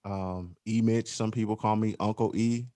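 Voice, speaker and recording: Easygoing man with a smooth, low voice. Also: fairly even intonation, mellow, no echo. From Colorado Springs, USA. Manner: easygoing, joking, unhurried. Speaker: podcast guest, entrepreneur. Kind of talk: casual podcast conversation.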